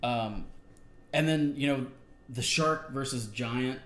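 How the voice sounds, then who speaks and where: A man talks through an old wrestling broadcast with his co-host, rambling and full of "um" and "uh". His voice sits at an ordinary middle pitch. The room around him is roomy and echoey. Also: takes it slowly, fairly bright tone. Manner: rambling, filler-heavy recap with acted-out quotes. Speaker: podcast co-host. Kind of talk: casual wrestling review chat.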